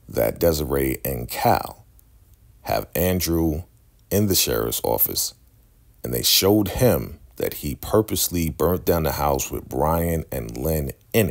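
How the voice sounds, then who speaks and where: A man's voice: very deep voice, creaky. A man casually recapping a TV episode, acting out the characters' lines and laughing often. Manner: animated, acts out quotes, frequent laughter. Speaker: recap host.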